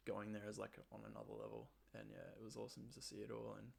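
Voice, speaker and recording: A young Australian man chatting casually as a podcast guest, relaxed and full of "like" fillers. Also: lowish voice, quick pace, creaky, husky. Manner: relaxed, filler-heavy with frequent "like". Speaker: guest photographer. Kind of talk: casual chat.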